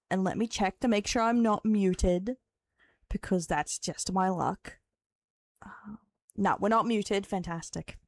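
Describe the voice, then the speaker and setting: A woman's voice: fairly low pitch, gravelly, dry recording. A tired young Australian woman streamer chatting casually with viewers, giggling, rambling and swearing as she goes. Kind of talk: casual live-stream chat.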